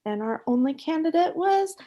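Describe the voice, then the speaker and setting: A woman's voice: high voice, lively intonation, normal speed, mellow. A woman on a video call giving a meeting update, stringing her points together with "and" in casual talk.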